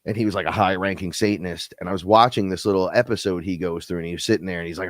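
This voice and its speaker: A man with a very low, stuffy-nosed voice co-hosts a spiritual live stream. He rambles in a lively, profane way and laughs as he talks. The sound is dry and close. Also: very fast, few pauses, no room sound. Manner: animated, profane, laughs often. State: stuffy nose.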